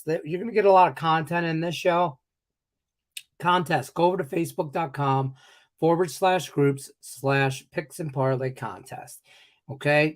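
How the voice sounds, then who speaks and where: A man in his forties hosting a sports betting show in an upbeat, joking way with rambling asides, hiccuping now and then. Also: a little high. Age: 40s. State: has the hiccups. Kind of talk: casual live show hosting.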